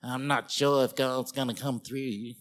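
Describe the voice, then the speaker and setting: A man voicing a doubtful male naysayer with a low, flat drawl. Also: a little slow, close to an everyday voice.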